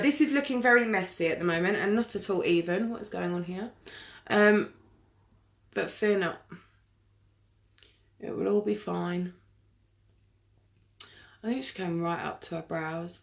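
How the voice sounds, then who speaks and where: A chatty, rambling makeup tutorial host talks casually on a live stream in a medium-pitched voice with vocal fry. She answers viewer comments by name while doing her makeup, recorded on a webcam or phone.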